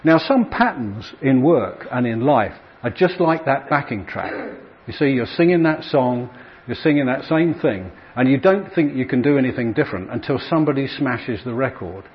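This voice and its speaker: A middle-aged man tells an audience stories from his working life in a chatty, self-deprecating way, full of ums and uhs. He's animated and speaks at a moderate pace with an ordinary male pitch. The recording sounds slightly dull and lo-fi.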